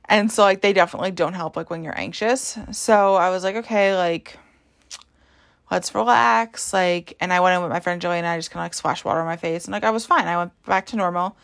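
A woman's voice: lowish voice, fairly even intonation, fast, hardly any pauses. A young woman hosting a podcast, telling a story casually with lots of "like" and "um" fillers. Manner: chatty, heavy use of "like" and "um". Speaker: podcast host.

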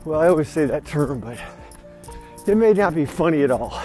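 A man hosts his own vlog outdoors, walking or running, slightly out of breath as he gives a casual, upbeat, rambling motivational talk and keeps repeating "you know what". His voice is on the high side and a little mellow.

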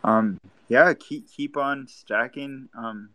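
A man from Lebanon chatting casually, halting and full of fillers. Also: mid-range voice, a bit bright, no room sound. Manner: halting, lots of fillers and restarts. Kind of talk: casual chat.

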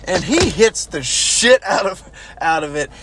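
A man casually telling stories from basic training, animated and swearing, now and then shouting out quoted orders. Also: high-pitched, a little slow, breathy edge. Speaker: former army recruit telling stories. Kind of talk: casual storytelling chat.

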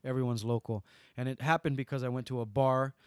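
A man, a guest on an interview podcast, telling lively stories and acting out the dialogue. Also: medium pitch, quick pace, clean tone, no echo, studio quality. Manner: lively storyteller, acts out dialogue. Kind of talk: casual interview storytelling.

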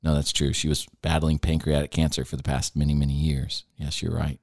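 A gravelly bass voice drives this brisk podcast host as he animates the people in his stories, voicing each one on a relaxed talk show. It's a dry, studio-quality recording.

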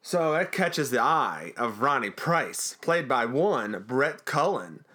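Chatty male podcast co-host with a lively, swinging voice, jokey recap banter. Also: mid-range voice, slow. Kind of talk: casual recap chat.

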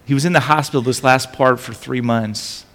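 Gravelly middle-aged pastor preaching in a hall. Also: male voice, mid-range voice, moderate pace. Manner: animated storytelling with frequent restarts. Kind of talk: sermon.

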